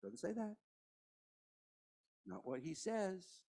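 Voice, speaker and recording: A man, preaching a sermon as pastor, impassioned, with hushed passages and rising emphasis. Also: high-pitched, big pitch swings, slow. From Kentucky.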